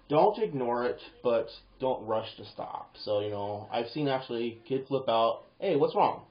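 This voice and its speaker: A man giving advice in a casual monologue, animated and rambling, breaking into quoted voices and swearing now and then. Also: medium pitch, unhurried. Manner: animated, acts out quoted lines in bursts, swears; rambling with restarts and fillers. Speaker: vlogger. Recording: roomy, dull lo-fi home video.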